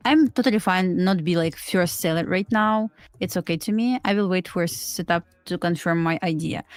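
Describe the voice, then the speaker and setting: A woman's voice: mid-range voice, no room sound. A woman from Belarus gives live trading commentary in plain, explanatory English with grammar. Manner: plain explanatory talk with non-native grammar. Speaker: futures trader co-host.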